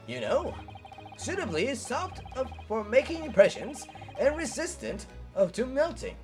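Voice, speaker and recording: A streamer voicing a flamboyant, grandiose male detective while reading game dialogue aloud, faint game music behind. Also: medium pitch. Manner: pompous, drawn-out flourishes.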